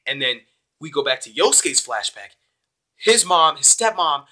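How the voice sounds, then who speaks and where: A young man giving a casual, rambling, excitable spoken review of an anime episode. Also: fairly high pitch, normal speed. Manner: excitable, rambling, with many fillers.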